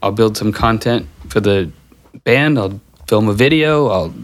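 A man with a New York accent chatting casually as a podcast guest, blunt and quick to swear, rattling off short lists. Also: on the low side, animated. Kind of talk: casual chat.

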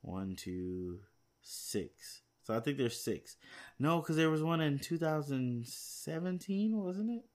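A man's voice: a little high, lively intonation, normal speed, darkish tone. A man chatting casually to his viewers, rambling and thinking aloud with many fillers and restarts, a little tired. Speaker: movie news vlogger. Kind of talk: casual chat to camera.

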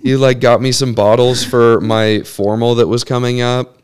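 Smooth-voiced young man telling a story. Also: mid-range voice, level tone, normal speed. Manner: rambling, storytelling. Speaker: podcast co-host. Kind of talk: casual chat.

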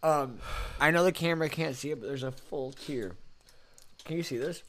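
A man's voice: a little high, normal speed, crowd noise. A man co-hosting a podcast, talking casually and rambling through the pain of eating very hot wings. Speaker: podcast co-host. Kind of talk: casual chat.

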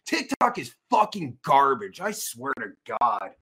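A man's voice: mid-range voice, very animated, a little slow, few pauses, sharp tone, slightly rough. A man hosting a livestream, talking in a crude, rambling rant with sudden mocking outbursts. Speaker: livestream host.

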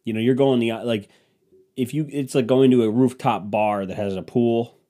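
A man's voice: mid-range voice, fairly even intonation, normal speed, dark tone. A young man hosting a podcast, riffing in a rambling, self-mocking, crude comedic monologue. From Cleveland, Ohio. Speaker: podcast host.

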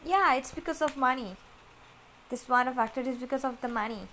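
Hesitant, soft-spoken woman venting. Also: high voice, slight background noise, rough recording. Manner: hesitant, halting and repetitive, searching for words. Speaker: vlogger. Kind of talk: personal confessional monologue.

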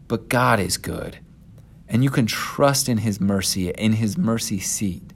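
A man's voice: lowish voice, unhurried, gravelly. Slangy man teaching scripture. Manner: slangy, animated, conversational. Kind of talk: casual scripture commentary.

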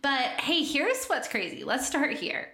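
A woman's voice: high voice, wildly swooping pitch, a little slow, gravelly, sharp tone, reverberant. A woman hosting a faith podcast, talking in an effusive, emotional way and laughing often. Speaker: podcast host. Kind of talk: casual faith podcast chat.

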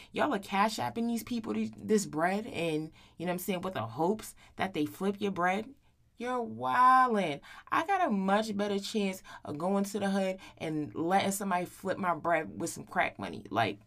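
A woman's voice: mid-range voice, fairly bright tone. A woman in her thirties hosting her own podcast in a casual solo monologue, blunt and profane, full of slang, often tagging lines with "right?". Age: 30s. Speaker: podcast host.

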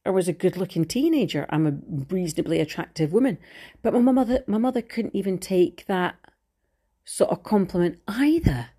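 A woman's voice: mid-range voice, lively intonation, normal speed, mellow, slightly rough. A middle-aged woman talking frankly and at length in a candid personal monologue, rambling and swearing casually. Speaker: vlogger.

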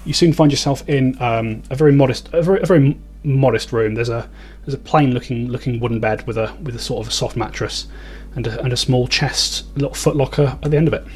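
A man's voice: medium pitch, fast talker, a little mellow, breathy edge. A man narrating a tabletop game as game master, describing scenes in a rambling way.

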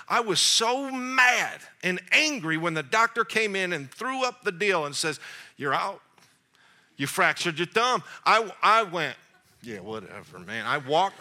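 A man in his forties preaching to young adults, telling a story with jokes and acting out the dialogue. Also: sits high. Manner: animated, jokey storyteller, acts out dialogue. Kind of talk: storytelling sermon.

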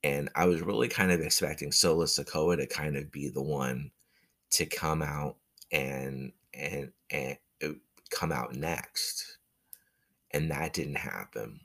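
Male, very low voice, unhurried, casual match recap full of halting restarts. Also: creaky, fairly bright tone. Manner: rambling, halting, with many fillers and restarts.

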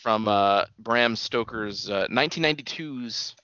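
A man's voice: mid-range voice, measured pace, smooth, dry recording. Podcast co-host, male, casual and rambling, dry close sound, slightly dull audio. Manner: animated, rambling, laughs often. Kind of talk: casual chat about movies.

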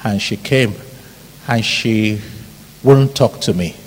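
Middle-aged male Nigerian-accented preacher, animated storyteller, in a big echoing hall. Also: lowish voice, slow pace, breathy edge. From Ibadan, Nigeria. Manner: animated, storytelling with mimicked shouts and laughter. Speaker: pastor. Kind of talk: sermon. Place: large church hall. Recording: hall reverb, faint background noise.

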